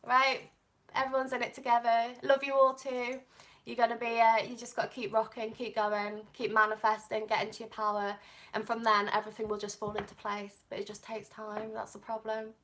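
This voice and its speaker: A woman's voice: sits high, bright, forceful tone. A young Englishwoman with an English accent reading tarot on a live stream, chatting and rambling off on tangents. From England. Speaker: tarot reader.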